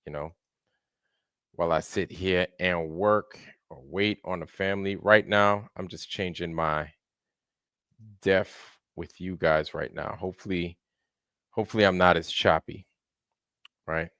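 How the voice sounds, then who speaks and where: A man's voice: sits low, fairly even intonation, measured pace, long pauses, fairly bright tone, smooth, dry recording, studio quality. A man hosting a casual livestream, greeting viewers one by one in a laid-back way. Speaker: livestream host.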